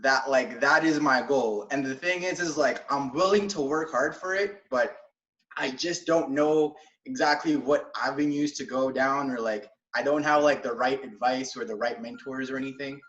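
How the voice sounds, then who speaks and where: A man's voice: mid-range voice, moderate pace, fairly bright tone. A young man in a wrestling class talks eagerly, rambling through fillers as he introduces himself. He sits back from the mic in an echoey room. The call audio is distant and dull. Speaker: student. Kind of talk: casual self-introduction.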